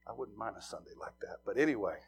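A middle-aged man from Montana preaching a sermon, telling stories with swings from hushed asides to loud emphasis. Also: fairly low pitch, lively intonation, fast talker, gravelly, a little hiss or hum. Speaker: pastor.

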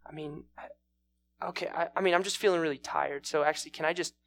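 Man reading a weary young wife, soft and stammering, gravelly undertone. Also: a little high, fairly even intonation, a little fast. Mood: timid pleading. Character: young wife, tired, frightened and ashamed.

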